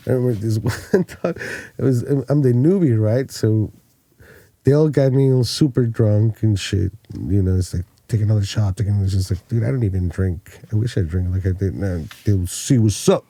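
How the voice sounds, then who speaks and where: A man in his forties from Mexico, a podcast guest telling animated, profane stories with frequent laughs. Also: on the low side, moderate pace, no room sound. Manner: laughing, swearing, animated anecdotes. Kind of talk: casual storytelling chat.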